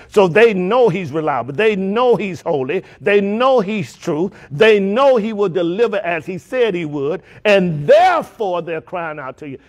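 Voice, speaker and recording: A man preaching a sermon in a church, building his repeated lines into rising, pleading cries. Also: high voice. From United States. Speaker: pastor. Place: church sanctuary.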